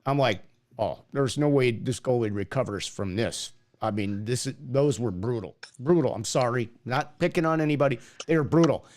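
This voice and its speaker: A man's voice: medium pitch, animated, moderate pace, darkish tone. A man hosting a hockey officiating talk show, chatting casually with stumbling restarts and teasing. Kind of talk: casual chat on a live stream.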